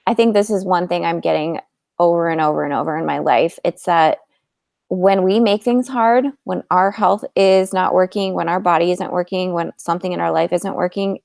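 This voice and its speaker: Speaking at a normal pace in a lowish, slightly mellow voice with some vocal fry, a fertility coach casually tells viewers about her own experiences. She's open and talkative, leaning heavily on "like." The sound is clean studio audio without any room noise.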